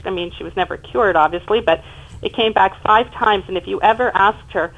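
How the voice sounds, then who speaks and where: Woman in her fifties, interview guest, emphatic animated storyteller, mid-pitched voice. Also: brisk, dull audio. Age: 50s. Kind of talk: personal storytelling in conversation.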